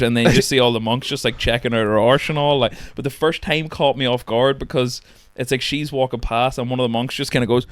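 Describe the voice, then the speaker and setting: A man rambles through a film chat, swearing often and breaking into laughs. His voice sits at an ordinary middle pitch, and the sound is dry and close, with no room around it. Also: steady tone, brisk, few pauses, smooth, no echo. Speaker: podcast co-host.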